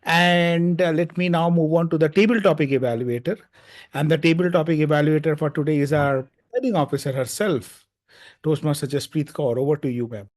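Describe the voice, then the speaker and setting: A man's voice: fairly high pitch, brisk, a little mellow. Joking man chairing an online meeting. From India. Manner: joking, conversational, many fillers. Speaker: general evaluator.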